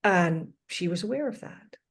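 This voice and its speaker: A woman in her fifties speaks as a podcast guest, with a somewhat low voice. She tells her story in a thoughtful, reflective way and often circles back to restate a point. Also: expressive, moderate pace, breathy edge. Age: 50s.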